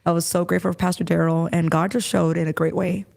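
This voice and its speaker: Woman in her thirties, low-pitched co-host, emotional and rambling in casual talk. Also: little pitch movement, quick pace, creaky, a little mellow. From Rio Grande Valley, Texas. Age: 30s.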